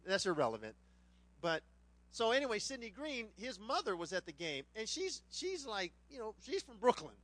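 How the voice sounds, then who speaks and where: A middle-aged man, a pastor preaching a sermon, who tells funny stories with lively voices mixed into his teaching. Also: sits high, moderate pace. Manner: animated, humorous storyteller who puts on voices. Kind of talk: sermon with a personal anecdote.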